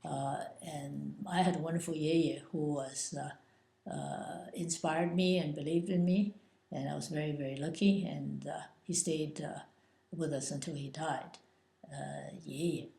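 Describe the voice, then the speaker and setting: An older woman explains Chinese words at an unhurried pace, pausing often with drawn-out fillers. Her low voice is gravelly and mellow, and it echoes in a bare room. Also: steady tone. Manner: hesitant, many drawn-out uh fillers. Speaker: Chinese language teacher. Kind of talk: slow explanatory lesson.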